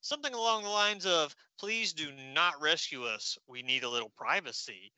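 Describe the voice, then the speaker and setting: A man's voice: a little high, lively intonation, normal speed, bright, forceful tone, clean tone, no room sound, poor audio. A man reading a cocky wisecracking hero. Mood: joking.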